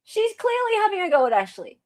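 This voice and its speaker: A woman's voice: very high voice, wildly swooping pitch, quick pace, no echo. An Australian woman hosting casual true crime commentary, chatty and sarcastic.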